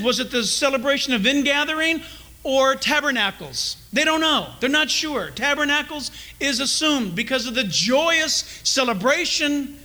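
Brief: man preaching a Bible teaching, lively and questioning, high bright voice. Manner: animated, asks the congregation questions, acts out quoted voices. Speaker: pastor. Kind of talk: expository sermon.

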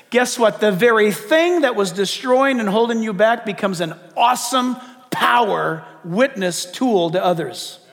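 A man preaching a sermon in a church, animated and direct, firing rhetorical questions at the congregation. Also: extremely high pitch. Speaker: pastor. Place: church hall. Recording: long hall reverb.

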